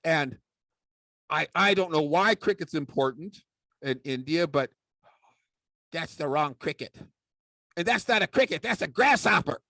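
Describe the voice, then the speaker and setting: A man's voice: on the high side, lively intonation, unhurried, pauses often, pushed and bright, dry recording. A man giving a humorous talk on public speaking, playful and mock-serious. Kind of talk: humorous speech with ventriloquism.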